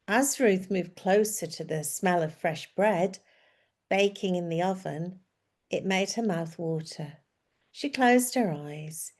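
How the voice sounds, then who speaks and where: A woman telling a story in a scripted narration, reading in a gentle, descriptive way. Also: mid-range voice.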